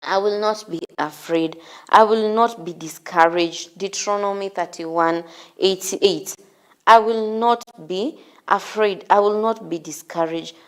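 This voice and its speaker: Woman preaching a morning devotional, lowish voice, slow and repeating herself to encourage. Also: a little mellow. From Kenya. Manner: slow, repetitive, encouraging exhortation. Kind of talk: sermon.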